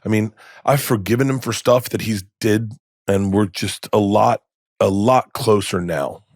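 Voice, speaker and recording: A man's voice: fairly low pitch, measured pace, no room sound, studio quality. A middle-aged man, a comedian guest, telling candid stories in a podcast interview, rambling and restarting, with emotion showing through.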